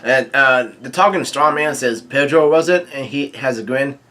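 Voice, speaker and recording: Halting male comic-recap host, bright forward tone, middle pitch. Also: steady tone, soft background music. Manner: halting, frequent fillers and restarts, quick asides. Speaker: manga reaction host. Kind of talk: casual chapter recap, reading out dialogue.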